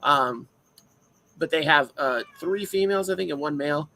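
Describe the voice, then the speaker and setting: A man co-hosting a casual podcast chat, an animated storyteller who acts out his own shouts. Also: fairly high pitch, moderate pace, creaky, poor audio. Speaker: podcast co-host.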